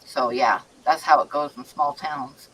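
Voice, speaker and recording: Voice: medium pitch, steady tone, measured pace, a bit bright, husky. A parent telling stories in casual livestream chat, full of fillers like "um", recorded slightly away from the microphone. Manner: storytelling with fillers. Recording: voice a bit distant from the mic.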